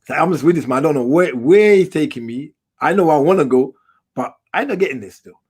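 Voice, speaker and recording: A man's voice: on the high side, fairly quick, slightly rough. A middle-aged man, guest in an interview, telling his stories in casual street slang. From England. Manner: street slang, animated storyteller. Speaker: documentary filmmaker, guest.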